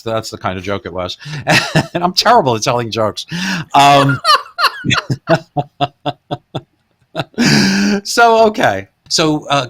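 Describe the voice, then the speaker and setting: A man's voice: medium pitch, a bit bright. A man hosting a podcast, retelling film gags in a casual, chuckling way. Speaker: podcast host.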